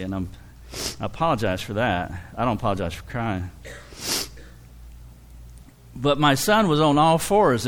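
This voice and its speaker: Middle-aged male pastor, heartfelt sermon, tearful and warm with laughter. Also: medium pitch. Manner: emotional, tearful storytelling with frequent laughs. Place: church.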